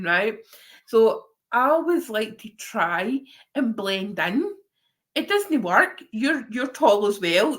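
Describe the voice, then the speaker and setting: Animated Scottish woman telling a story. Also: fairly high pitch. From Scotland. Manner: animated, swears, laughs often, acts out voices. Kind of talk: casual storytelling chat.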